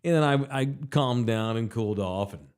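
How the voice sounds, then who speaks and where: Male podcast host, mid-pitched, profane and lively storyteller. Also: moderate pace, clean tone. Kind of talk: casual storytelling chat.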